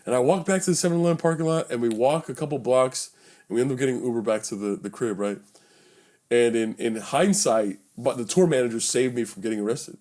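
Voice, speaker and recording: Young male podcast host, lively storyteller who voices every character in the tale. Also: medium pitch, quick pace. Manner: animated storyteller, acts out quotes loudly, swears casually. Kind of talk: casual storytelling chat. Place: bedroom.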